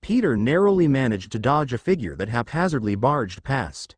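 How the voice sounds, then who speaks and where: A man reading fan fiction aloud as narrator, with expressive storytelling. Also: mid-range voice, moderate pace, slightly rough, dry recording.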